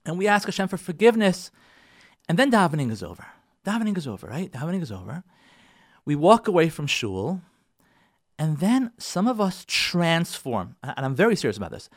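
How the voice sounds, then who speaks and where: A rabbi giving a Torah class, animated, acting out pleading prayers and mixing Hebrew terms into his English. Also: fairly high pitch, fairly quick, no room sound, studio quality.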